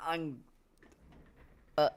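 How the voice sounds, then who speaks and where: A man playing a tabletop game, halting and unsure, stumbling over his words. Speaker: player. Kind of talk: casual tabletop play.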